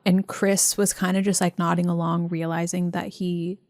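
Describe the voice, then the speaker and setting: A woman's voice: lowish voice, flat delivery, moderate pace, a little mellow, no room sound, studio quality. A young woman co-hosting a podcast in casual chat, talking with lots of fillers and frequent laughs. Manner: chatty, laughs often, many fillers. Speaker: podcast co-host.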